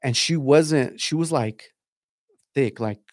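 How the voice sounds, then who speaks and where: A man's voice: medium pitch, slow pace, a little mellow, no echo. Podcast guest guy, mid voice, rambly swearing storyteller, says dude a lot, dry close sound. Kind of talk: casual chat.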